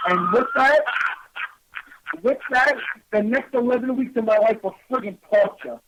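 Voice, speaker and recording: A man's voice: high voice, normal speed, a little hiss or hum. A man with a New York accent hosting a radio show, telling stories in a blunt, salty, casual way. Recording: slightly muffled lo-fi radio audio.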